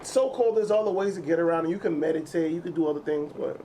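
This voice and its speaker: A man in casual podcast chat, animated, acting out the voices of people in his stories. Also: on the high side, fast, slight background noise. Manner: animated, acts out quoted voices.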